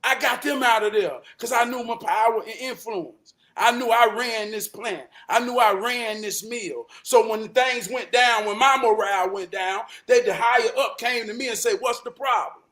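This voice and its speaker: A man hosting a talk show, telling a real-life story in an emphatic, profane way that climbs into shouting. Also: very high-pitched, moderate pace, few pauses. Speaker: host.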